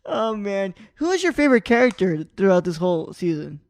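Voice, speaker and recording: A man in his twenties co-hosting a podcast in casual chat, animated and often laughing, leaning hard on "like". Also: sits high, fairly quick. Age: 20s. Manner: animated, laughing, heavy use of "like". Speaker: podcast host.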